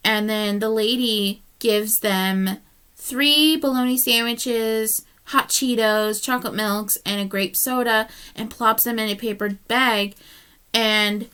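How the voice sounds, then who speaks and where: A woman's voice: fairly high pitch, sharp tone, smooth. A woman reviewing books in a casual vlog, chatty and heartfelt, tired and yawning as she rambles. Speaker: book reviewer.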